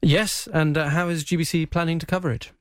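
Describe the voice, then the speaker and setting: A man presenting a radio news show, talking haltingly with many restarts and a questioning "no?". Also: on the high side, fairly even intonation, dry recording, clean studio sound.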